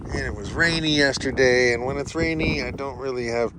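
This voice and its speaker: A man, a sheep farmer, chatting relaxed in a casual farm vlog outside in a pasture, talking to his animals, recorded on a handheld camera. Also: medium pitch, brisk. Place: outdoor pasture among solar panels. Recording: noisy outdoor recording.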